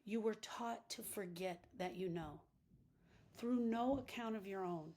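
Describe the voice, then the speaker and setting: A middle-aged woman giving an impassioned grief-coaching talk, repeating phrases for emphasis and swinging between hushed and loud lines. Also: medium pitch, unhurried. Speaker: grief coach and podcast host.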